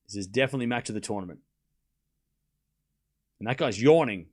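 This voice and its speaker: Young dude doing a tennis watchalong stream, chatty and jokey, voice bouncing all over. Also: male voice, mid-range voice, expressive, fairly quick, pauses often, a little mellow. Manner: chatty, joking asides mixed with play-by-play. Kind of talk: live streamed match commentary.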